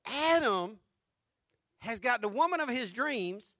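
A male pastor preaching a sermon with fervor, going from hushed tones to shouting and repeating his points. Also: extremely high pitch, animated, slow pace, no echo, studio quality. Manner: fervent preaching, swinging from hushed to shouting, with repetition.

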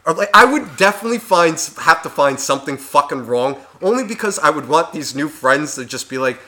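A man's voice: a little high, animated, brisk, hardly any pauses, pushed and bright. A man co-hosting a podcast in casual chat, ranting and swearing constantly as he works himself up. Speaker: podcast co-host.

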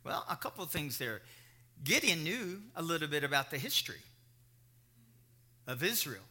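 Middle-aged male preacher, high ringing voice, animated sermon with stories. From Kentucky. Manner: animated preaching with storytelling asides. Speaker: pastor.

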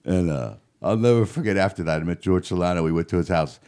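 Lively laughing comedian telling stories. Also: male voice, low voice, quick pace, clear, resonant tone. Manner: animated, laughing storyteller who acts out quotes. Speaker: comedian guest. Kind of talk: casual storytelling. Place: podcast studio.

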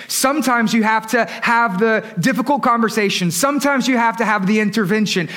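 High-voiced man preaching a sermon. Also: pushed and bright. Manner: conversational preaching with questions to the congregation. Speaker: lead pastor.

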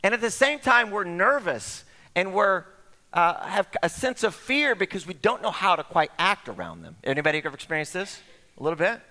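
A middle-aged male pastor preaching with a bright, ringing tone and a pitch that leaps around as he tells his stories. He acts out the voices of the people in them. The sound carries a long reverb, as in a large hall. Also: brisk. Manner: animated storytelling, acting out quoted voices. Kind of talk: sermon. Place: church sanctuary.

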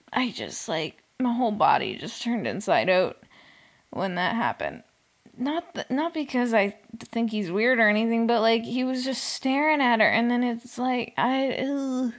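A young woman in casual chat, recapping a dating show in a chatty, sarcastic way, full of "like" and little laughs. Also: on the high side. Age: young adult.

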